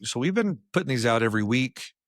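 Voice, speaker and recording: A man co-hosting a podcast, telling workplace stories in casual chat and acting out the quotes with big jumps in pitch. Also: quick pace, dry recording, studio quality. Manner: animated storyteller, acts out quotes with jumps in pitch. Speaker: podcast co-host.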